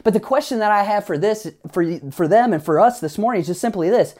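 A man's voice: high-pitched, expressive, quick pace, darkish tone. A male pastor preaching a sermon in a conversational, emphatic way, with casual asides.

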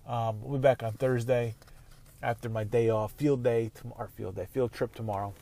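Man, casual solo sports podcast host, rambling, swears a lot, mid-pitched. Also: steady tone, normal speed, warm tone. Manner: rambling, profane, conversational.

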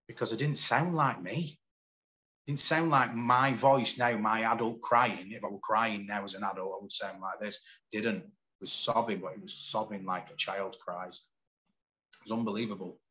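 A man in his forties from the UK, a podcast guest telling his story in candid, animated casual conversation. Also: fairly low pitch, moderate pace, poor audio. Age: 40s.

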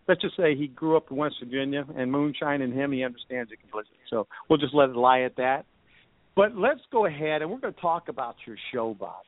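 A man's voice: a little high, dry recording. A man hosting a casual call-in show, talking in a rambling, chatty way with many fillers. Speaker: podcast host. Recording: dry tinny phone line.

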